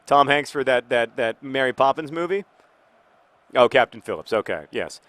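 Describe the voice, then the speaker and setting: A man in his thirties hosting casual, rambling chat over live gameplay, with restarts and sudden excited outbursts at the game. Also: medium pitch, normal speed, no room sound. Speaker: host.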